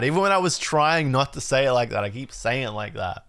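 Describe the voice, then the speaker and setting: A relaxed young Australian man talks casually as a stream host, keeping a steady middle pitch. His voice is close and dry, with no room sound. He rambles a little and redoes lines until they sound right. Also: brisk, clear, resonant tone, no echo. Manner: relaxed, chatty, retakes his outro lines. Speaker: streamer and card collecting host. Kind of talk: casual live-stream chat.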